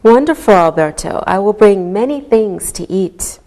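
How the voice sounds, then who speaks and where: A woman teaching an English grammar lesson, speaking clearly and deliberately to her students. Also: mid-range voice, animated, mellow. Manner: slow, clearly enunciated teaching voice. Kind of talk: slow classroom instruction.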